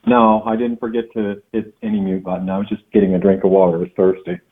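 A man's voice: fairly low pitch, fairly even intonation, fast, breathy edge. A man on the phone, answering patiently and plainly, often hesitating with fillers. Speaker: call recipient. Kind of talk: phone conversation. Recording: tinny phone line.

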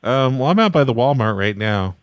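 A man hosting a prank call show, calm, dry and mocking as he teases an angry caller. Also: medium pitch, a little fast, clean tone, no room sound.

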